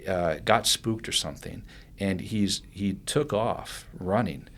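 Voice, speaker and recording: Low-voiced man telling a story, rambling. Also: slow pace. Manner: animated, rambling with restarts and fillers. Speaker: guest. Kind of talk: storytelling in a podcast interview.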